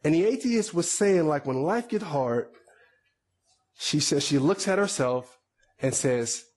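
A pastor preaching a sermon in a conversational way, with asides and repeated words. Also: male voice, fairly high pitch, lively intonation, normal speed, a little mellow. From United States.

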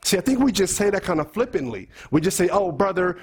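Preacher, male, earnest sermon delivery with a husky, raised voice. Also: high voice, big pitch swings, quick pace, a little mellow. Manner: earnest, preaching to the congregation with questions.

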